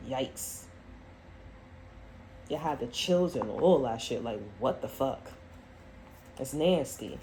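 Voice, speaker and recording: A woman's voice: very deep voice, expressive, slow pace, pauses often, mellow, slight background noise, low-quality recording. A woman giving a casual tarot reading to camera, blunt and profane, often laughing and acting out quoted voices. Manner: acts out voices in quoted asides. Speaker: tarot reader.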